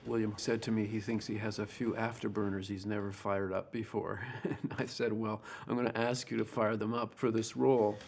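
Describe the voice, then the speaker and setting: A man's voice: on the low side, little pitch movement, a little fast, creaky, hardly any pauses, a little mellow, a little hiss or hum. A man, a film director, talking thoughtfully and emphatically about casting and character in an interview. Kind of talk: interview for a featurette.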